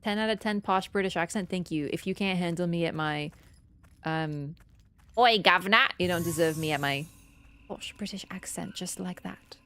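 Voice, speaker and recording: A woman streaming a game, chatting casually with her viewers, teasing and jumping between excited bursts and low mutters. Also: normal speed, smooth. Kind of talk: casual gameplay commentary.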